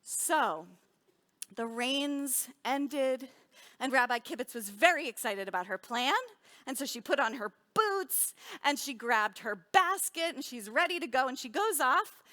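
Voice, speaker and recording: A woman telling a children's story at a service, animated and drawing the children in with questions and call-and-response games. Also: high-pitched, unhurried.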